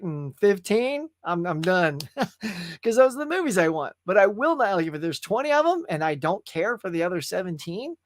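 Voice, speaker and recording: A man's voice: high-pitched, no echo, studio quality. A man hosting a casual live stream, chatting loosely, laughing and reading viewer comments aloud. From California. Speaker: host.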